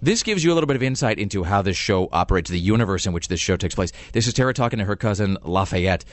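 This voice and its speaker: A man's voice: fairly low pitch, animated, fast talker. A man hosting a podcast in casual chat, rambling and self-deprecating, with lots of fillers. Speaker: podcast host.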